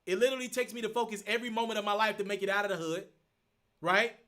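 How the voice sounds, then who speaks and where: A man hosting a live stream, thinking out loud as he works through viewer questions. His voice sits high and sounds bright and forward. He restates his points as he goes and stays earnest. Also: fairly even intonation, rapid-fire. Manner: thinks aloud, repeats himself, earnest. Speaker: host.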